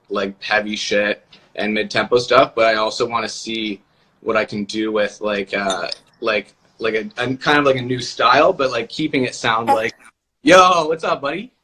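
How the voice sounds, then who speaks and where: A man's voice: on the low side, moderate pace. A man chatting casually on a live-stream video call, talking loosely with lots of filler words. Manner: relaxed, many "like" fillers. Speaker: music producer guest.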